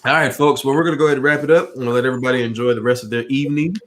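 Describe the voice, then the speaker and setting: A man's voice: mid-range voice, fairly even intonation, very fast. A man hosting an online tech debate stream, casual and laid-back, laughing often as he wraps up. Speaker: host and promoter of online tech debate show. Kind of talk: casual livestream chat. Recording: faint background noise with clicks.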